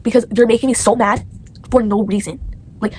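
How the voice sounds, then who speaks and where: A woman's voice: fairly high pitch, fairly even intonation, fairly quick, darkish tone, husky. A young female vlogger telling a storytime to the camera in a rambling, indignant way, with many fillers.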